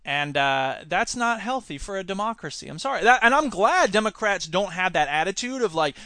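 A man's voice: high-pitched, sing-song, fairly quick, hardly any pauses, bright, forceful tone, no room sound, studio quality. An American man hosting a podcast, giving rambling, opinionated political commentary and mocking politicians by imitating them. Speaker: podcast host.

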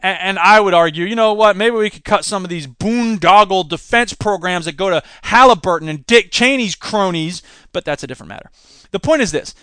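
A man hosting a podcast, giving animated political commentary and mocking the people he quotes. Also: high-pitched, brisk, clear, resonant tone, no echo. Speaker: podcast host.

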